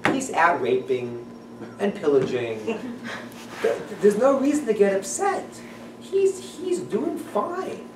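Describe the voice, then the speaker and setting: A woman's voice: medium pitch, sing-song, slow, noisy background, voice pushed up. A man voicing the mother's friends, who callously brush off her worry with cheerful reassurance. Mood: soothing. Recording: echoey room, mic at a distance.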